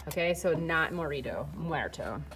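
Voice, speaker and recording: A woman's voice: deep voice, expressive, normal speed, a bit bright, a little hiss or hum. A woman teaching Spanish grammar, explaining step by step in a casual way with fillers, while filming and typing. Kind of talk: recorded lesson walkthrough.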